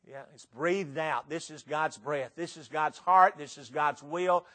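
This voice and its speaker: High-voiced preacher. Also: male voice, a little slow. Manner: dramatic recitation with sudden loud and soft swings; rhetorical questions to the congregation. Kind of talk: sermon.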